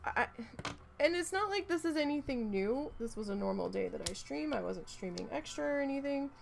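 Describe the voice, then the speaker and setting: A woman's voice: high voice, lively intonation, a little fast, creaky, background noise. A woman, chatting casually and rambling through a story while she crafts, swearing freely. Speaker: craft vlogger.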